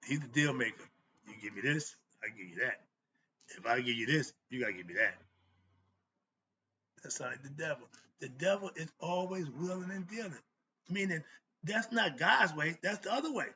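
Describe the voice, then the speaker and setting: A man's voice: mid-range voice, normal speed, pauses often, bright, forceful tone. A man talking casually on his own, loose and chatty, correcting himself as he goes. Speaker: host. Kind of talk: casual solo talk. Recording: dull lo-fi sound with faint noise.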